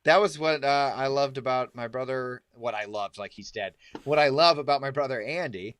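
A man's voice: medium pitch, moderate pace, clean tone, no echo, clean studio sound. A man in casual podcast chat, rambling through stories with lots of filler words and swearing. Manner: rambling, loose, breaks into loud shouted impressions.

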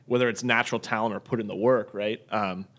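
A man's voice: lowish voice, fairly even intonation, quick pace, fairly bright tone. A man in a casual group chat who asks probing questions and leans on fillers like "right?".

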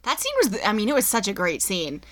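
A woman's voice: mid-range voice, sing-song, a little fast, fairly bright tone. A woman hosting a podcast interview, reading listener questions and laughing along enthusiastically. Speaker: podcast host.

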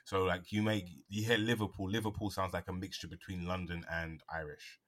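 A man's voice: low-pitched, level tone, fairly quick, a bit bright. A man in casual podcast chat about actors and accents, rambling with fillers and restarts.

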